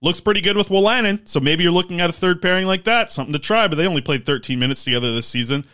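A man's voice: high-pitched, very fast, bright, forceful tone. A man co-hosting a casual sports podcast, working through stats and contract numbers. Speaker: podcast co-host.

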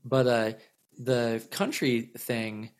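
A musician in his thirties, guesting on a casual storytelling interview, tells a long story in a level, ordinary mid-pitched voice at an extremely slow pace. He rambles, looping back with repeated words and lots of fillers.

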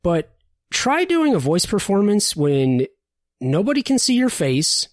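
A man's voice: sits high, a little slow, dry recording, studio quality. A man hosting a casual podcast, talking eagerly about video game performances and handing turns to the others. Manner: animated, enthusiastic, hands off turns. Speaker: podcast host. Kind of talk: casual game awards chat.

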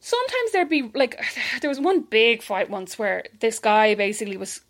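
A young Irish woman chatting casually, telling animated stories and mimicking other people's voices. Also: a little high, moderate pace. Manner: animated anecdotes, mimics voices, laughs often. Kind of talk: casual chat, storytelling.

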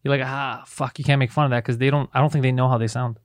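A man's voice: mid-range voice, fairly even intonation, very fast, no echo, studio quality. A young man co-hosting a casual comedy podcast, telling family stories with frequent laughter and casual swearing. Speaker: podcast co-host.

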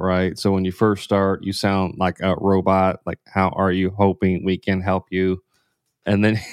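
A man with a deep, smooth voice co-hosts and explains things at an easy pace. He talks loosely with fillers. His mic sounds dry and close. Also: dry recording. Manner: relaxed, explanatory, uses fillers. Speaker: co-host. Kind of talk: casual chat.

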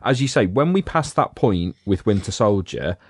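Man, low voice, dry close sound, enthusiastic rambling film chat. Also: big pitch swings, normal speed, husky, no room sound. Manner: enthusiastic, rambling, acts out quotes. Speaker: podcast panelist. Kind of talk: casual film discussion.

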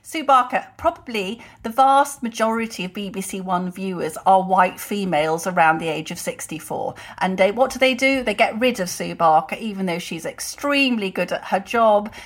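A woman's voice: medium pitch, animated, moderate pace, few pauses. A woman in her sixties, co-hosting a political podcast and speaking in an indignant, opinionated way. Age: 60s. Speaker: co-host. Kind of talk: casual political podcast chat.

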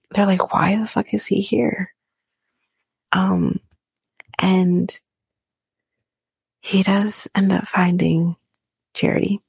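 Husky whispering woman recapping reality TV. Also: on the low side, darkish tone, no echo. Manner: casual, profane, laughs while talking.

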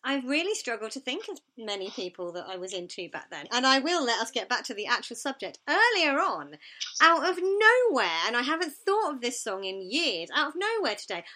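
A woman's voice: sits high, big pitch swings, fairly quick, pushed and bright. A woman, co-hosting a podcast in giggly, self-deprecating casual chat. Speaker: podcast co-host.

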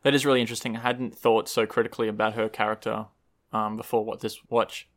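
A man's voice: fairly low pitch, little pitch movement, quick pace, a bit bright. A man in a casual, thoughtful conversation about a film. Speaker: podcast co-host discussing a film. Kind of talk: casual chat.

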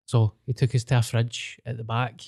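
A man's voice: mid-range voice, completely flat delivery, moderate pace, gravelly, darkish tone, no room sound, studio quality. A Scottish man chatting on a podcast, telling stories in sweary, laid-back banter. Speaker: podcast co-host. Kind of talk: casual chat.

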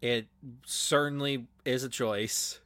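Bright, sarcastic man with dry quips. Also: medium pitch, steady tone, takes it slowly, no room sound. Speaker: podcast co-host. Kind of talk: casual chat reviewing a movie.

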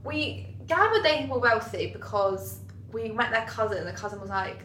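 A woman's voice: on the high side, lively intonation, moderate pace, pushed and bright, a little hiss or hum. A young woman co-hosting a podcast, talking casually and emphatically, giving travel advice. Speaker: podcast co-host. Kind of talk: casual chat. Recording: echoey room, faint ambience.

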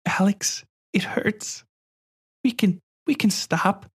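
A man's voice: slow, breathy edge, heavily acted. A man doing a frightened pleading little girl. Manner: pleading, soft and high.

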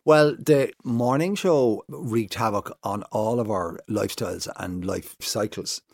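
A middle-aged man talking casually as a guest and telling animated stories about his old working hours. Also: unhurried, creaky, no room sound, studio quality. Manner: animated storyteller, jumps high to mimic others. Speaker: guest, former breakfast TV presenter. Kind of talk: casual chat.

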